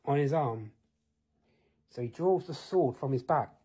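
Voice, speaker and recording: A man's voice: mid-range voice, expressive, unhurried, warm tone, slightly rough. A man telling an improvised fantasy tale in a rambling way, asking the listener questions. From United Kingdom. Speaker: storyteller.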